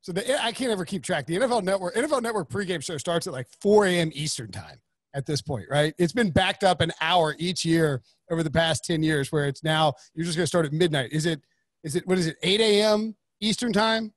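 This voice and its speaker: A man's voice: a little high, animated, fairly quick, no room sound. A man from North Carolina hosting a podcast, chatting casually and rambling with jokes and restarts. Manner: rambling, joking, many restarts. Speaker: podcast host.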